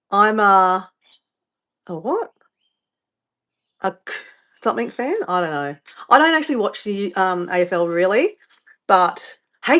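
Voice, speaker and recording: Chatty Australian woman with a lively voice. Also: medium pitch, unhurried, long pauses. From Southeast Queensland, Australia. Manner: rambling, chatty, easily sidetracked. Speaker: livestream host. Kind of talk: casual live-stream chat. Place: at home.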